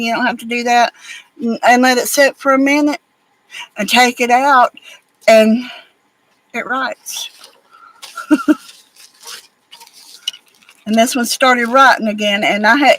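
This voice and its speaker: A woman's voice: fairly high pitch, fairly bright tone, low-quality recording. A woman, chatting casually and rambling as she works on crafts at home, now and then talking to her pets. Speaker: crafting vlogger. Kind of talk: casual chat while crafting.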